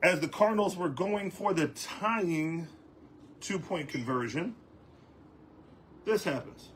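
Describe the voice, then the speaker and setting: Male sports-show host, casual and rambling, slightly high voice. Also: expressive, slow, a bit bright, a little hiss or hum. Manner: rambling, lots of fillers and restarts.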